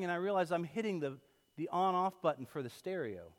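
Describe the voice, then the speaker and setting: Pastor preaching in a reverberant hall. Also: male voice, high voice, normal speed. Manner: lively storytelling, swings from loud to hushed. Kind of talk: sermon. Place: church sanctuary.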